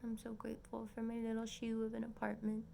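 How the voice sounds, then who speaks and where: Young woman, nursing student vlogger, chatty and gushing, gravelly fry, slips into whispers. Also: fairly high pitch, completely flat delivery, a little fast, dark tone, slight background noise. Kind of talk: casual vlog update. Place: at home in a small apartment.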